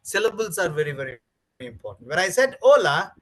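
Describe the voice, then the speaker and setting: A man leads a teacher-training session in a high voice. He talks emphatically, repeating key words over and over and filling pauses with "uh" and "you know". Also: big pitch swings, low-quality recording. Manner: repetitive, emphatic, many fillers. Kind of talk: training lecture.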